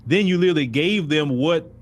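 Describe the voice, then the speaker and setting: Talking fairly quickly with lively intonation and a fairly high pitch, this male host of a web commentary show mocks his target bluntly, speaking straight to him.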